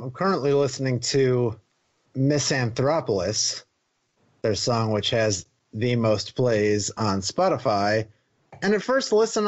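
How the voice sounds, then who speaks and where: A man's voice: medium pitch, lo-fi sound. A man co-hosting a podcast, casually sharing laid-back, offhand opinions. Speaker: podcast co-host. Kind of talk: casual chat.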